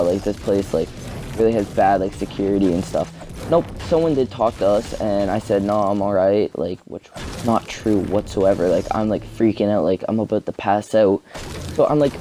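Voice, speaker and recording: Male vlogger, lowish mellow voice, rambling casual storytelling with lots of "like". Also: slight background noise. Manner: rambling, heavy use of "like" fillers.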